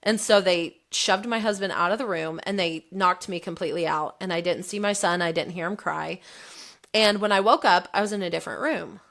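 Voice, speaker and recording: A woman's voice: lowish voice, a little fast, creaky. A woman in her thirties, a podcast guest, candidly telling a personal story and acting out the quoted lines. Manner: candid, animated retelling, voicing the quotes.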